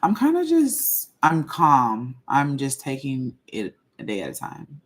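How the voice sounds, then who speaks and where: A woman hosting her own channel, talking in a casual livestream and venting slowly and deliberately, circling back to repeat her points. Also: rumbling low, huge pitch swings. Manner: slow, measured venting, repeats herself. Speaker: channel host.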